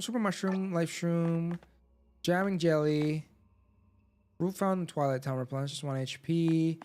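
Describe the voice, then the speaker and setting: Give me a rambling live game streamer at a middle pitch, with game music playing. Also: measured pace, darkish tone. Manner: rambling, lots of "like", reads game text aloud. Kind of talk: live gameplay commentary. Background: video game music.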